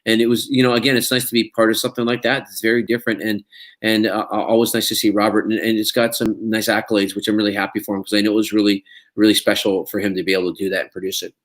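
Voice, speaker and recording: A man's voice: fairly low pitch, little pitch movement, very fast. A man, an actor being interviewed, talking casually and rambling with many restarts.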